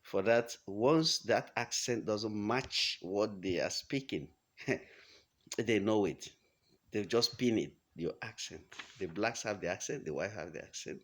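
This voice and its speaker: A man's voice: fairly low pitch, unhurried, a bit bright. A man from Nigeria with a Nigerian accent, giving a heated, blunt monologue full of rhetorical questions. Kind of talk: impassioned monologue. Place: home in the United States.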